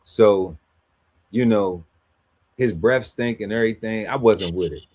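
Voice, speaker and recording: A man's voice: on the low side, measured pace, darkish tone. A man on a podcast panel telling a story in casual, slangy chat, laughing often and acting out quotes.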